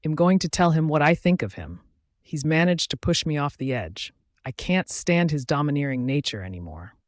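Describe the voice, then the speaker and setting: A man's voice: on the high side, big pitch swings, normal speed, dry recording, studio quality. Man reading a romance audiobook. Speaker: audiobook narrator. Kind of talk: scripted first-person narration.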